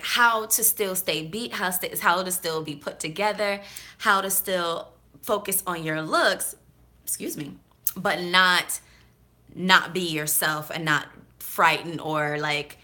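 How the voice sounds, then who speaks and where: A woman's voice: low-pitched, sharp tone. A woman hosting a casual vlog, giving candid, chatty, off-the-cuff talk about dating. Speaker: host.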